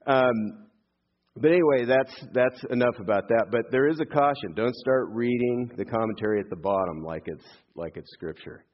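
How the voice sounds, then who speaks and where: A man's voice: medium pitch, moderate pace, lo-fi sound. An older man, a pastor, giving a conversational sermon with frequent fillers and friendly asides.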